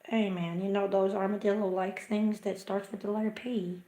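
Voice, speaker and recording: A woman's voice: medium pitch, little pitch movement, moderate pace, mellow. A woman hosting a casual livestream, chatty and self-mocking, often muttering half to herself. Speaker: livestream host. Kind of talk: casual live chat. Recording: echoey room.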